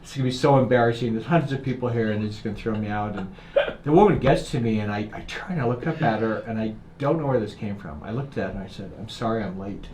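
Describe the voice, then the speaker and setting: A man's voice: fairly low pitch, fast talker. A middle-aged man, a guest author, telling a story in conversation and acting out the people in it. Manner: animated storyteller acting out dialogue. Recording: echoey room, faint ambient noise.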